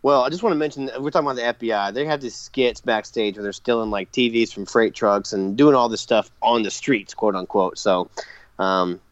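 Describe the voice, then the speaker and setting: A podcast host with a mid-range voice speaks briskly, with no room sound on a dull, dry lo-fi mic. Casual and rambling, he works through a wrestling recap full of fillers, often laughing at his own jokes.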